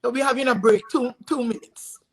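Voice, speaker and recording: Talk show hostwoman, slightly high voice. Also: steady tone, fairly quick, slightly rough, poor audio. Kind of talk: interviewing a guest.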